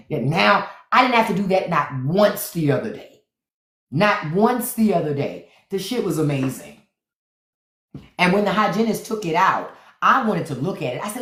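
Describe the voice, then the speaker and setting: A woman hosting a casual livestream from home, telling playful stories with excited outbursts, speaking. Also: lowish voice, brisk, echoey room. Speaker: livestream host.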